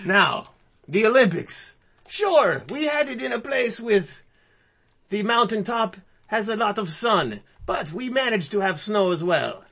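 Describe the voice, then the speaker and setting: A boastful, vodka-bellied older Russian man, put on by a podcast host speaks broken English in a thick mock Russian accent. The voice is high, bright and a little husky. He talks slowly and sounds mock-proud. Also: sing-song, exaggerated voice. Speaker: podcast co-host in a comedy bit.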